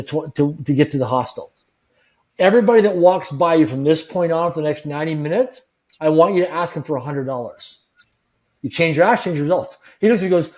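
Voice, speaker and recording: A man's voice: a little high, darkish tone. Emphatic man telling a motivational story. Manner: earnest, repetitive, emphatic with quoted dialogue. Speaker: interview guest.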